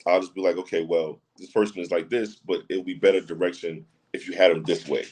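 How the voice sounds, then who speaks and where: A man's voice: low voice, steady tone, fairly quick, a little mellow, rough recording. A man talking as a podcast guest in casual chat, emphatic and repetitive, often asking if you get what he's saying. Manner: emphatic, repeats phrases, often asks "you know what I'm saying".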